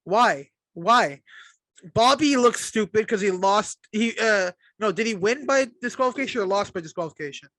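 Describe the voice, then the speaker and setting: A man's voice: high-pitched, expressive, normal speed, a bit bright, no echo. A man co-hosting a casual podcast, blunt and exasperated, swearing often. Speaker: podcast co-host. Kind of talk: casual wrestling chat.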